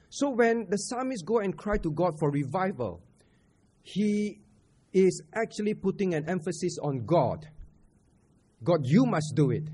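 A Singaporean man preaches to a camp audience in a husky, somewhat high voice. He stays conversational, keeps checking in with questions and circles back to repeat his key points. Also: a little mellow. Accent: Singaporean English. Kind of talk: sermon teaching on scripture.

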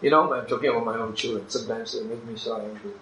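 A man preaching a sermon, emphatic, dropping to hushed asides and rising to loud exclamations. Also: medium pitch, steady tone, fast talker. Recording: echoey room with faint ambient noise.

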